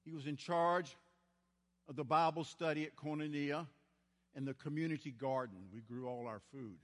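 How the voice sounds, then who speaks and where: An older man preaching a sermon, telling stories in a folksy, dramatic way that swings from hushed to loud. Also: on the high side, steady tone, moderate pace. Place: large church. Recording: church hall with long reverb.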